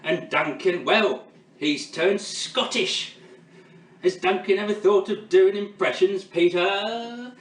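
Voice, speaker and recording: A cheeky, showy game-show host of 87 , played by a man doing an impression, all teasing patter and quips. His voice sits a little high and drawls slowly. It is heard from a distance with plenty of roomy echo. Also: a bit bright. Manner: quipping, teasing, showbiz patter. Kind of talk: comedy sketch impression.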